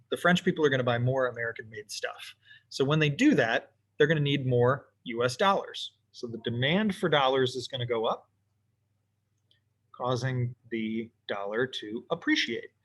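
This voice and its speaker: A man teaching economics in a relaxed, offhand way, thinking aloud as he sketches graphs for an online class. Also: medium pitch. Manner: casual, talks to himself while drawing. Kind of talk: recorded lesson while sketching graphs.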